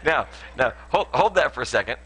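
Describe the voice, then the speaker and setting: A man's voice: medium pitch, sing-song, brisk, fairly bright tone, slightly rough, poor audio. A man, a pastor giving a playful sermon with a live demonstration, joking and laughing often with lots of restarts, in a church auditorium.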